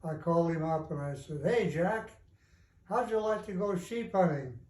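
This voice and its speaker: An older man telling a family story in an unhurried, folksy way over a video call, pausing often with "uh". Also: on the high side, darkish tone. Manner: unhurried, folksy, with many "uh" pauses. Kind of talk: casual storytelling. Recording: echoey room on a video call.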